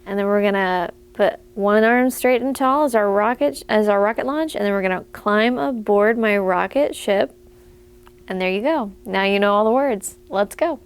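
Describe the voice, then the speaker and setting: A woman's voice: mid-range voice, moderate pace, smooth. A young woman, a children's librarian, leading a preschool story time with playful sing-song songs and action rhymes.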